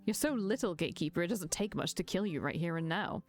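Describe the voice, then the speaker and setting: A sarcastic, commanding young prince from a visual novel, haughty and scheming, as a woman reads him out. The voice sits fairly low, with soft music behind it. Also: lively intonation, quick pace, lightly acted.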